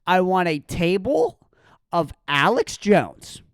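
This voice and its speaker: A woman's voice: lowish voice, sing-song, slow, no room sound. A woman hosting a solo podcast, ranting in a heated, sarcastic and profane way. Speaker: podcast host.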